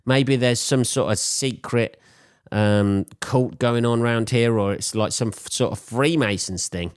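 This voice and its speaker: A man's voice: medium pitch, unhurried, smooth, dry recording, studio quality. A man hosting a solo podcast, telling a rambling, sweary, wry story in a casual chat. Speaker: podcast host.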